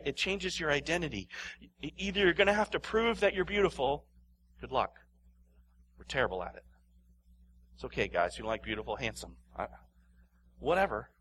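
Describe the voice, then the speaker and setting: A man delivering a sermon in a bright, forceful voice pitched a little high. He swings from loud, emphatic bursts down to hushed near-whispers, repeats phrases for effect, and laughs as he preaches. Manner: laughs often while preaching. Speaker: pastor.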